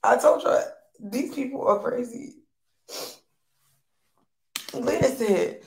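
A woman giving loud, exasperated reaction commentary, swearing often and mocking what she watches. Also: on the high side, slow, vocal fry, pauses often, slightly rough. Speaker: streamer reacting to a video.

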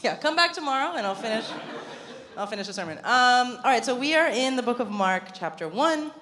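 A woman's voice: a little high, lively intonation, brisk, a bit bright. A young adult woman preaching a conversational sermon in a church, chatty and self-deprecating, laughing often. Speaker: pastor. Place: church sanctuary.

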